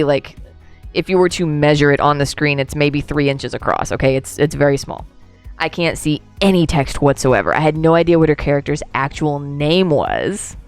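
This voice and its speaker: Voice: medium pitch, clear, resonant tone. A game streamer chatting casually through a livestream, rambling, laughing and answering chat, a few drinks in.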